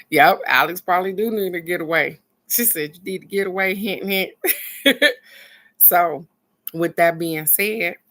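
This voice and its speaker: A middle-aged woman giving a casual motivational talk, animated and earnest, moving between excited bursts and soft encouragement. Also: lowish voice. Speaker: spiritual card reader and vlog host.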